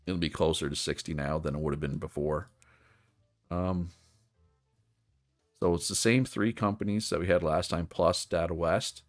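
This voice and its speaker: A man streaming a management game, chatting casually and thinking aloud with many fillers and restarts. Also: sits low. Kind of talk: casual gameplay commentary.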